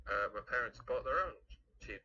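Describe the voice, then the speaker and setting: Man, thirties, bright sharp tone, slightly low pitch, rambling casual chat, laughs often, dull lo-fi recording. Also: a little fast. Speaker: podcast guest, animator. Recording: dull lo-fi sound with faint hiss.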